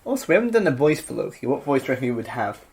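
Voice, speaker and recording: A man co-hosting a podcast in casual chat, asking animated questions. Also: mid-range voice, rapid-fire, gravelly, a little hiss or hum. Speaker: podcast co-host.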